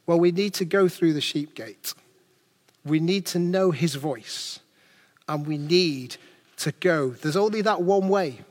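A man's voice: fairly high pitch, measured pace, a little mellow, big-room sound. A man preaching a sermon as pastor, earnest and building his points through rhetorical questions.

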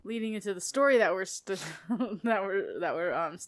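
A woman's voice: mid-range voice, moderate pace. Chatty woman podcast co-host. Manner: chatty, heavy use of "like", laughs easily. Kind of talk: casual podcast chat.

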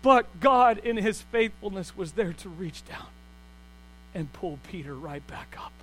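A man preaching a sermon, animated, swinging between quiet asides and loud, excited bursts. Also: high voice, a little slow, rough recording. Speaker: pastor.

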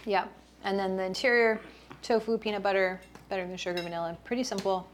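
A woman guest cook in a home kitchen, explaining her recipe in a halting, hesitant way. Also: mid-range voice, fairly even intonation, slight background noise. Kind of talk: casual chat over food.

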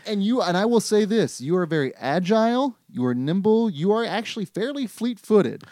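A man's voice: high-pitched, very animated, moderate pace, a little mellow, no room sound, clean studio sound. A man hosting a casual chat, prodding his guest with teasing follow-up questions.

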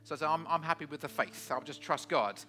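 A middle-aged man preaching a sermon in church, moving between loud emphatic lines and hushed whispers. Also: on the high side, quick pace, music in the background. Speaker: pastor.

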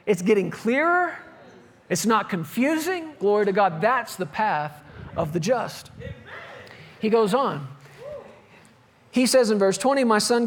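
A man's voice: sits high, long reverb tail. A male pastor preaching a sermon, telling a personal story with laughter, then reading and explaining scripture.

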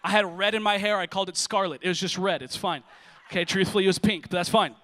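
A man's voice: sits high, fast talker. A young adult man preaching a sermon to a church congregation, telling funny stories before turning to scripture. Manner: lively, joking storyteller who shifts to preaching. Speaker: pastor. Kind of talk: sermon with storytelling.

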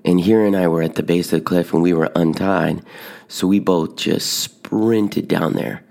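Low gravelly man telling a story. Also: moderate pace. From Tucson, Arizona. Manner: animated, drops to hushed whispers at dramatic moments. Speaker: podcast host telling stories. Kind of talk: casual storytelling.

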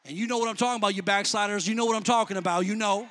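Preacher guy, high bright voice, goes from chatty to shouting and back. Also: rapid-fire, hardly any pauses. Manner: builds to shouting, then drops back to conversational; colloquial, calls out to the congregation. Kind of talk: sermon.

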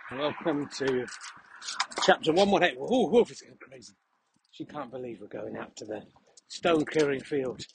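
A man hosting a podcast while walking outdoors in a field, rambling in a mock-serious, deadpan way. He is a little out of breath and slightly unwell. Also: medium pitch, moderate pace, vocal fry, background noise. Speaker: podcast host. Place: outdoors in a field on a cold windy day.

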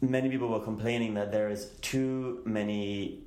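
Co-hosting a podcast in an English accent, this man chats casually and tells stories at length. His lowish, slightly mellow voice keeps a steady tone at a moderate pace, and the room sounds reverberant.

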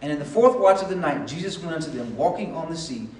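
A man's voice: a little high, lively intonation, fast talker, a little mellow. Man preaching conversationally in an echoey church. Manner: conversational preaching with acted-out dialogue. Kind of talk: sermon. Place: church sanctuary. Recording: echoey hall from far off. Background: congregation responses.

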